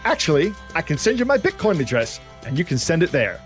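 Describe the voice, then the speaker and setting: A man voicing a chummy, gullible scam target in a put-on Australian accent, pitched high and bouncy. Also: very animated, fairly quick, soft background music. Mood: gushing eager.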